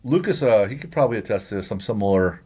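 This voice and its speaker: A man hosting a podcast, chiming in and asking his guests questions in a relaxed interview. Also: lowish voice, fast talker, slightly rough. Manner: relaxed, asks questions and chimes in. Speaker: podcast host. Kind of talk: casual interview.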